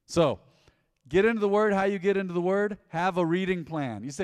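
A male pastor preaching a sermon in a church hall, animated and conversational, often repeating his points. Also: sits high, brisk, smooth. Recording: long hall reverb.

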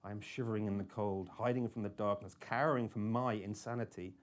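A man reading a first-person thriller audiobook with an intense delivery that moves between hushed and urgent. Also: on the low side, fairly even intonation, fairly quick. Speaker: audiobook narrator.

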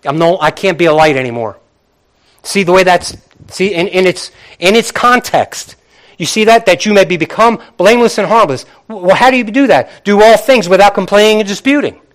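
A middle-aged man preaching a sermon in a conversational, animated way, acting out little quotes as he goes. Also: sits high, fairly quick. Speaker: pastor.

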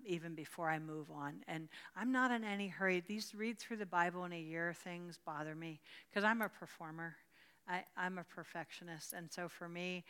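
Older woman, bible study teacher, fervent, bright crisp voice, long hall reverb. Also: lowish voice. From rural Pennsylvania. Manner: fervent, repeats words, answers questions from the room. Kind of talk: teaching a church group with prayer.

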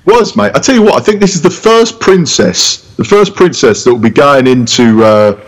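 A man's voice: fairly high pitch, lively intonation, moderate pace, low-quality recording. A man, co-hosting a podcast with cheeky, sweary banter, calling his friend "mate". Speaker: podcast co-host. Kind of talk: casual chat.

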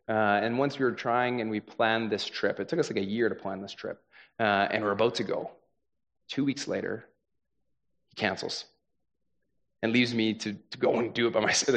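A young adult man preaching a sermon as a pastor, talking in a conversational, earnest way with frequent "right?" asides. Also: medium pitch.

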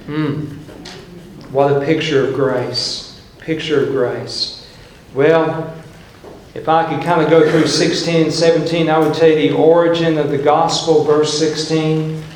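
Slow-talking male preacher in echoey church. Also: fairly high pitch, steady tone, darkish tone, a little hiss or hum. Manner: emphatic, storytelling preacher who paints scenes. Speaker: pastor. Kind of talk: sermon.

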